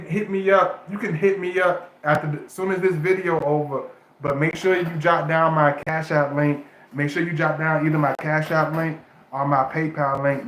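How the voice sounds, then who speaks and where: A man talking to his livestream viewers in a fairly high but flat voice, earnest and emotional, often stumbling and restarting his sentences. The sound is picked up on a phone or webcam in an echoey room at home. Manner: emotional, repetitive, restarts phrases, addresses viewers as y'all. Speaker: spiritual advice streamer. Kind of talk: casual livestream talk.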